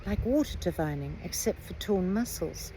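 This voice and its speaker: An anxious little winged heroine from a storybook, voiced by a woman reader in a lifted, urgent voice. She sounds caring and determined, with a soft, mellow tone. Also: lowish voice, expressive, normal speed, a little hiss or hum, close to an everyday voice, rough recording. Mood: focused. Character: small winged girl, anxious but determined leader.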